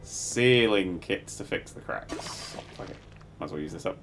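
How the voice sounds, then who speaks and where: A middle-aged man streaming a game live, muttering to himself, swearing freely and bursting into excited exclamations. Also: low voice, normal speed, loud music behind the voice. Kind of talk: live gameplay commentary.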